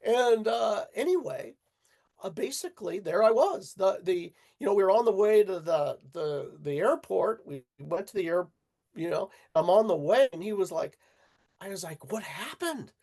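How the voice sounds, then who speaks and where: Halting, animated male storyteller. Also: high voice, creaky. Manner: halting, animated storyteller who acts out quoted voices. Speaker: interview guest. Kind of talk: casual storytelling.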